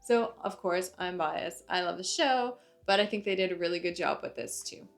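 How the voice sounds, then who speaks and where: A woman's voice: on the low side, normal speed, vocal fry. A young woman talks through an anime episode in a loose, chatty recap. She leans on fillers and trails her sentences into one another, with faint music behind her. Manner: chatty, uses many fillers like "like" and "uh". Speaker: anime reviewer.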